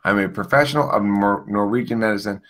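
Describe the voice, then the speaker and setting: A man's voice: fairly low pitch, fast, a bit bright. A man in casual joking chat, teasing his friends in a mock-expert, sarcastic way. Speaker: group chat participant.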